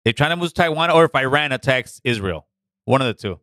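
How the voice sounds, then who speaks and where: A man's voice: medium pitch, animated, fast talker, pushed and bright, dry recording, studio quality. A middle-aged man hosting a casual call-in show, loose and slangy, repeating himself as he talks.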